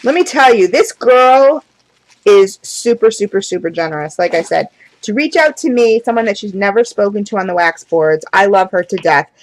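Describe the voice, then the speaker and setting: A woman vlogging an unboxing in a casual, chatty way, gushing with excitement, calling her viewers "guys" and sounding close to tears with gratitude. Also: medium pitch, moderate pace, rough recording. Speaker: candle and wax hobby vlogger.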